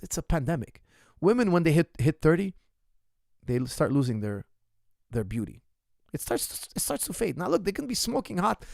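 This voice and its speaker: Blunt gravelly-voiced male coach. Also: sits high, darkish tone, no echo, clean studio sound. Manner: blunt, emphatic, opinionated, repeats his points; addresses the viewer directly. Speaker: martial arts coach. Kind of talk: ask-me-anything Q&A monologue.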